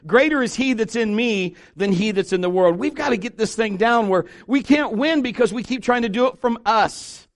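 A man's voice: high voice, moderate pace, hardly any pauses. A middle-aged man preaching a sermon in church, conversational and joking, with asides to the congregation. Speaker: pastor. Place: church sanctuary.

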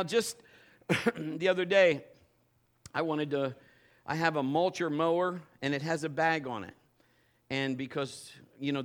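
A male pastor preaching to his congregation, telling a personal story in an animated way, with self-mocking humor and frequent restarts. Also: mid-range voice. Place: church before a congregation.

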